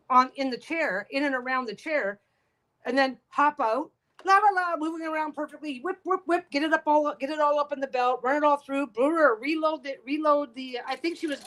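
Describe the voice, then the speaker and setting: A woman's voice: fairly high pitch, a bit bright. Blunt, swearing woman ranting while sewing. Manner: blunt, profane, exasperated ranting. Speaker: quilting vlogger. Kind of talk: casual storytelling while sewing.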